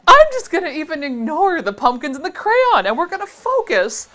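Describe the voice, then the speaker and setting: A woman's voice: high-pitched, very animated, normal speed, few pauses, pushed and bright. A young adult woman giving a casual, sarcastic reaction commentary as a vintage seller vlogger. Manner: playful, sarcastic asides.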